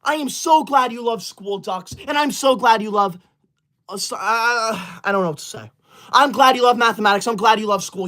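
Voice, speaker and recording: A man's voice: high voice, pushed and bright. A man playing a touchy, self-righteous teacher's-pet boy livestreamer who scolds and bans his viewers in melodramatic outbursts. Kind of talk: comedic character skit.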